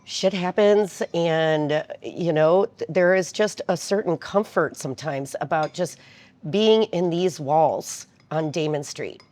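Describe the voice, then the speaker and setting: A woman's voice: low-pitched, slow, a little mellow. A woman in an interview, reflecting on years of restaurant work in a heartfelt, storytelling way. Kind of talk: casual interview talk.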